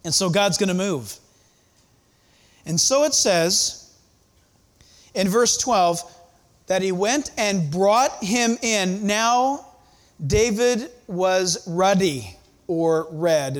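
A male pastor preaching a sermon in church, emphatic, with dramatic pauses. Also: high-pitched.

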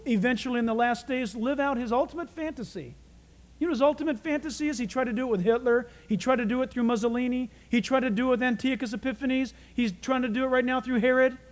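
High-voiced man preaching dramatically. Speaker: pastor. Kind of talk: sermon.

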